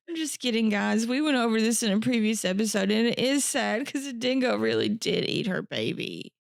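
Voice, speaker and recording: A woman's voice: a little high, sing-song, moderate pace, creaky, no room sound, studio quality. A woman co-hosting a podcast, chatting in a giggly, rambling, self-deprecating way. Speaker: podcast co-host. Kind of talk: casual chat.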